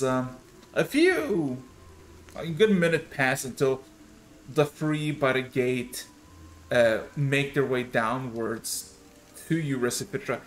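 A man running a tabletop game as game master, narrating scenes in a rambling, hesitant way with many fillers. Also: mid-range voice.

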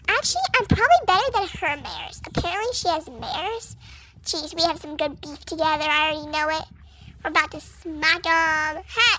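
A woman's voice: extremely high pitch, noisy background. A woman voicing a cheeky young mare, a project pony, chatting playfully in a teasing comic voice-over with lots of "like".

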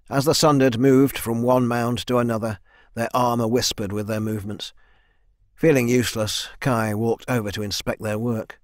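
A man with a mid-range voice narrates a fantasy audiobook from a script in an even, measured storytelling style. The studio-quality recording has no room sound.

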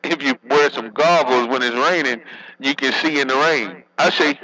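A man's voice: medium pitch, moderate pace, over a noisy crowd, rough recording. A working man chatting casually over a CB radio, joking in loose slang and laughing often. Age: adult, working. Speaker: CB radio operator.

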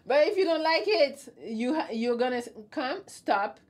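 A woman's voice: high voice, lively intonation, normal speed, a little mellow. A young adult woman hosting a casual live stream, reading out viewer comments and answering them bluntly with a teasing tone. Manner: blunt, teasing, laughs often.

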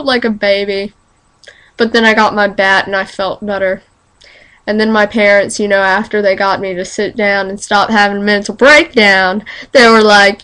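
A teenage girl with a slight lisp from retainers, vlogging at home in a dramatic, excitable way. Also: mid-range voice, moderate pace. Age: teens. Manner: excitable and dramatic, breaks into squealing panicked quotes. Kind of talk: casual vlog monologue.

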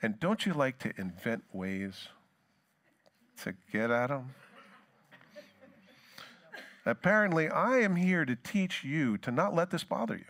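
A man's voice: sing-song, moderate pace. Man preaching with dramatic swings. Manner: dramatic scripture reading, rising loud then dropping low; conversational asides to the congregation. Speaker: pastor. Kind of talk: sermon.

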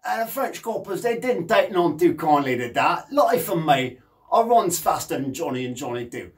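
A man's voice: fairly high pitch, moderate pace. A man doing a rambling punk rocker. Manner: rambling, cheeky, lively. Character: brash, boozy, addled male punk rocker. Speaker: punk singer and guitarist. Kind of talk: comedic monologue in character.

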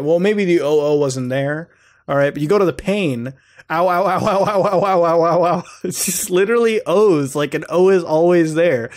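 Young man, gaming channel host, casual profane commentary, rambling, slightly high pitch. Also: a little mellow. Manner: profane, rambling, laughs often. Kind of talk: casual commentary while browsing websites.

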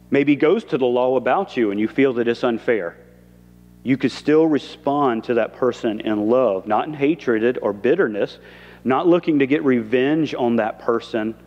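Preaching in a conversational style, a male pastor acts out quoted lines during his sermon in a church sanctuary. His voice is mid-range, and the lo-fi, muted audio carries the echo of the hall.

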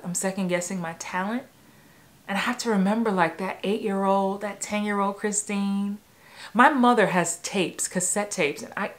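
A woman in her forties from New York tells stories about growing up in her own vlog. She talks in an animated way and laughs easily. Now and then she breaks into the voices of people from her memories. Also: mid-range voice. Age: 40s. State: a little emotional. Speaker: acting coach. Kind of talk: personal storytelling vlog.

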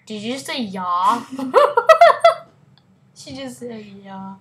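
A giddy woman hosts a casual gameplay video, giggling and goofing off. Her voice is high and bright, and she takes her time over the words. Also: huge pitch swings, extremely slow, low-quality recording. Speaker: game video host.

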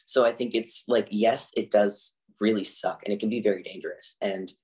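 A man's voice: fairly low pitch, fairly even intonation, moderate pace, darkish tone. A man, a drag artist talking casually as a podcast guest, with lots of "like" fillers. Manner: chatty, filler-heavy with frequent "like". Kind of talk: casual interview talk.

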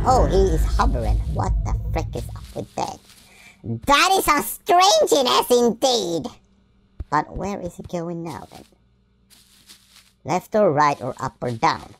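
Playful woman gamer with lively pitch. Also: a little slow, vocal fry. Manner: silly, playful, trash-talking the game character. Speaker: gaming YouTuber. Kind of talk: playthrough commentary. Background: game music.

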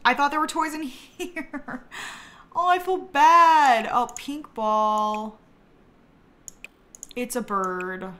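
A woman's voice: high-pitched, extremely slow, pauses often, pushed and bright. A young woman streaming a life-simulation game, chatting casually, giggling and talking to the characters on screen. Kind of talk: casual gameplay commentary.

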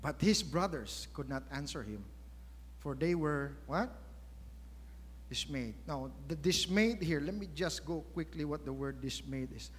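A man's voice: fairly high pitch, animated, measured pace, breathy edge. A man with a Filipino accent preaching a sermon, retelling a story with emphasis and rhetorical questions. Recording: echoey church hall.

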